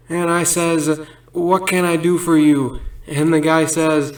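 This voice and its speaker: A man with a fairly high voice rattles off corny stand-up jokes as rambling little stories, breaking into laughter at his own punchlines. He sounds far from the mic, in a roomy, echoey space. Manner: rambling absurd storytelling. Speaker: comedian. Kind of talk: stand-up joke telling.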